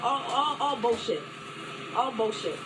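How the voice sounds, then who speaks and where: A woman's voice: fairly high pitch, lively intonation, a little slow. A woman confronting police officers in a heated street argument, defiant and profane, repeating her points. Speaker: citizen filming a police stop. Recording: distant voice with crowd and loud noise.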